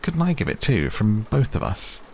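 A man's voice: on the low side, big pitch swings, normal speed, gravelly, a little mellow, slight background noise, pitched above the performer's own voice. A man putting on a fussy, pompous old owl.

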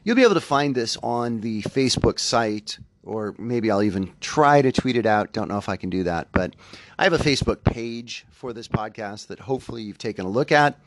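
A man in mid pitch hosts a reflective spiritual podcast. He talks in a thoughtful, conversational way and often stops to rephrase himself. The sound is dry, with no room behind it. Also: expressive, brisk, no room sound. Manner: thoughtful, self-correcting, conversational. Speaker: podcast host.

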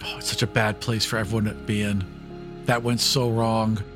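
A man's voice: on the low side, level tone, moderate pace, a bit bright, soft background music. A man co-hosting a casual book-club podcast, asking eager questions and reacting to the plot. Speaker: podcast co-host.

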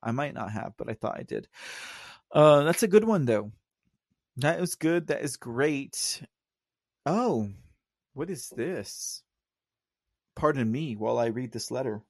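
A man's voice: mid-range voice, expressive, unhurried, long pauses, no room sound, studio quality. A man with a Texan drawl hosting a casual live stream, rambling, laughing often and talking straight to his chat. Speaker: livestream host.

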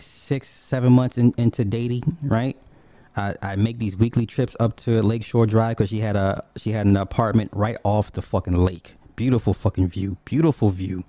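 With plenty of swearing and lively energy, this man shares a story from his own life in an offhand way, his voice moving between quiet grumbles and high-pitched outbursts. There's no echo on the audio.

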